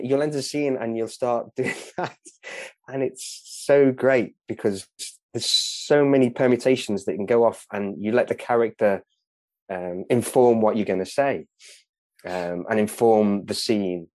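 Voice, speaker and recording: A man's voice: medium pitch, measured pace, darkish tone, no room sound. A man from England in casual conversation, talking in a hesitant way with many fillers and restarts, laughing often. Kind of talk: casual chat.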